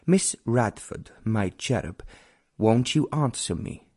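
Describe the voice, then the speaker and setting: A grand, stiffly courteous count speaks in formal, old-fashioned phrases, as a man voices him for an audiobook. His tone is mellow and a little husky. He carries himself with ceremony in every word. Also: medium pitch, expressive, takes it slowly, heavily acted. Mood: pleading. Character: pompous middle-aged male count, ardent suitor.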